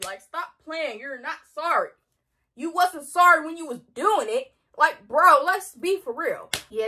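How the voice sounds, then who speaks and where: Animated high-voiced young woman storyteller. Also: slight background noise. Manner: animated, slangy, dramatic retelling. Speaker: vlogger. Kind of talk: casual storytime.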